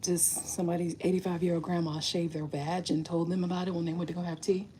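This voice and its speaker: A woman's voice: on the low side, level tone, fast talker, mellow, a little hiss or hum. A woman hosting a casual livestream chat. She banters bluntly with her co-host and laughs often.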